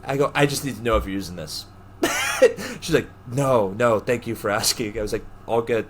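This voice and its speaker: A young man co-hosting a podcast, telling stories in casual chat, animated, laughing often and acting out the people he quotes. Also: mid-range voice, normal speed, slight background noise. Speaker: podcast co-host.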